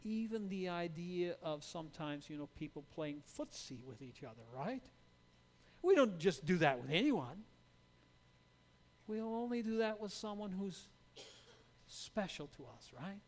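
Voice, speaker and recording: A man with a fairly high voice preaches a sermon, talking to his listeners in a conversational way. He checks in with rhetorical asides and often stammers and restarts his sentences. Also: lively intonation, a little slow.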